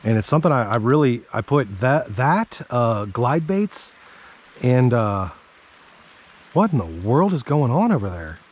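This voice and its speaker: A man fishing from a creek bank outdoors, giving excitable casual commentary and talking to himself and his viewers. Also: medium pitch, unhurried, highs cut off, slight background noise. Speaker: fishing vlogger.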